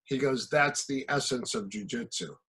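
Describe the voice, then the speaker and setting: A man's voice: medium pitch, normal speed, fairly bright tone, husky, poor audio. A middle-aged man from the American Midwest, a martial arts coach telling stories as a podcast guest and acting out quoted exchanges. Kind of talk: casual storytelling.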